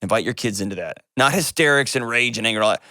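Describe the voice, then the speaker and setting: A man, hosting an advice call-in show and answering a caller in an earnest, gentle way. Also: medium pitch, animated, fast talker, dry recording, clean studio sound. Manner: earnest and gentle, shifts pace often.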